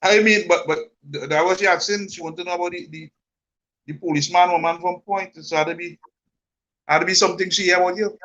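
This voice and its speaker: A man's voice: high-pitched, steady tone, quick pace, sharp tone. A man, co-hosting a casual chat, teasing and relaying listener questions. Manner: teasing, laughs a lot, passes on listener questions.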